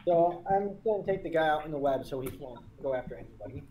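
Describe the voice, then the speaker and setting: A man taking his turn at a tabletop game, talking in a rushed way while thinking aloud. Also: a little high, animated, noisy background. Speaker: player. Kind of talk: casual game table chat.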